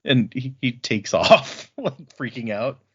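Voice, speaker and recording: Husky man retelling a story, lo-fi sound. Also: medium pitch, expressive, fairly bright tone. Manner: retells scenes with quick offhand character quotes, laughs often. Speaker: podcast co-host. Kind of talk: casual book-club chat. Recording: dull lo-fi audio.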